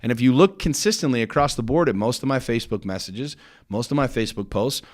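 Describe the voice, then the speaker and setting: A man's voice: mid-range voice, expressive, fast. A man hosting his own podcast as a business coach, talking straight at the listener in an intense, blunt way, swearing freely and repeating words for emphasis. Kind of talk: motivational monologue.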